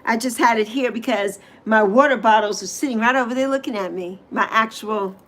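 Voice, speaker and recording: Speaking a little fast in a slightly high, fairly bright voice, this livestream host chats with viewers by name and reads their comments. Born in the Bronx and raised on Saint Croix, she has a New York accent and a friendly, rambling manner.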